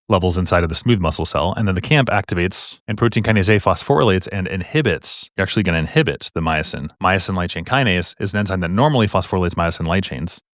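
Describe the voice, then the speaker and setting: A man's voice: sits low, a bit bright, no room sound, studio quality. A man tutoring for a medical exam, working through practice questions in a casual way with the odd joke. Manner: quick, casual, joking asides.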